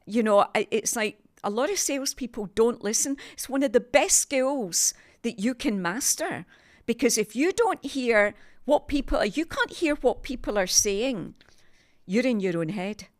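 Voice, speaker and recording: An older woman with a Scottish accent from Glasgow, a TV sales presenter telling stories as a podcast guest in an animated, emphatic way. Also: fairly high pitch, measured pace. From Scotland, Glasgow. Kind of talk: conversational storytelling.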